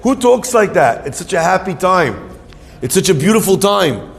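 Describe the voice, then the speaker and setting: A middle-aged man, a rabbi, giving an animated sermon to a live audience. He tells stories, asks and answers his own questions, and mixes in Hebrew terms. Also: high voice, normal speed, creaky. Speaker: rabbi teaching Torah. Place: hall with an audience. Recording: long reverb of a hall.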